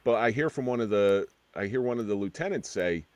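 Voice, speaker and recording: A middle-aged man, a former police officer, telling his story in an interview in an earnest, halting way with many restarts. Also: lowish voice, animated, no room sound.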